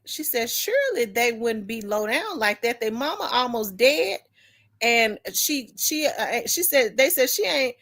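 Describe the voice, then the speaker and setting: Woman host, casual storyteller, animated, voices her relatives in quotes, blunt and emotional, swears freely. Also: on the high side. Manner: animated, acts out family members' voices. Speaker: talk show host.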